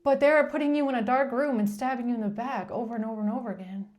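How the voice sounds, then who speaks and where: A tarot reader with a high-pitched, darkish voice talks fast through a reading in a loose, casual monologue. She's blunt and exasperated, swears freely, and rambles with frequent restarts and the filler "like."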